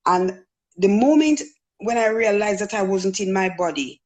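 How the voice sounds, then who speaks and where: A middle-aged woman from Jamaica tells a personal story in an earnest, casual testimony, speaking with a Jamaican accent at a moderate pace. Her medium-pitched voice is expressive and a little mellow, and she acts out the voices in her quotes.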